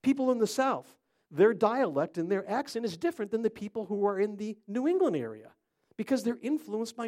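A man's voice: high-pitched, darkish tone. A middle-aged man from Ohio preaching an interactive sermon, chatting with his listeners and quizzing them by name. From Cleveland, Ohio.

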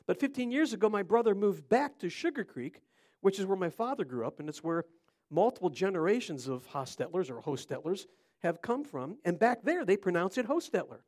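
A man's voice: high voice, very animated, fairly quick, darkish tone. A middle-aged man from Ohio preaching an interactive sermon, chatting with his listeners and quizzing them by name. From Cleveland, Ohio.

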